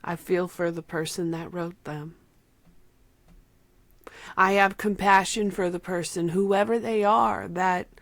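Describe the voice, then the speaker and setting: A woman reviewing an album, speaking from the heart and close to tears, sometimes dropping to a soft whisper. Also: on the low side, fairly even intonation, slow pace, long pauses, no room sound. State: emotional, near tears. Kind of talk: emotional personal vlog talk.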